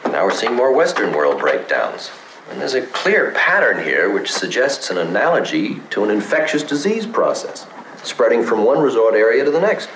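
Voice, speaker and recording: An actor playing a calm male technician who gives a measured, clinical briefing, heard as an old film clip. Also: medium pitch. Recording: echoey old film soundtrack with faint hiss.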